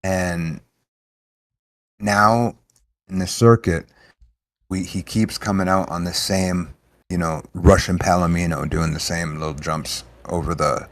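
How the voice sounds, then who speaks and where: Young male stream host, very low voice, dry close sound, profane rambling rants. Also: steady tone, a little slow, long pauses, dry recording. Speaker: show host. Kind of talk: casual livestream chat.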